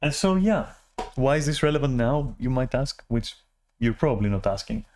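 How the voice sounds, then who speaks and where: A vlogger with a mid-range, darkish voice rants casually to camera at a moderate, animated pace. He rambles and runs himself down, swearing freely, and keeps restarting sentences and dropping filler words.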